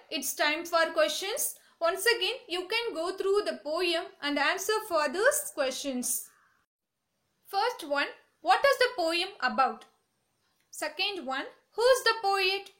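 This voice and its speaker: A woman teaching a recorded lesson to children. She reads each question and answer aloud with careful, deliberate diction and then repeats them. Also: very high voice, sharp tone.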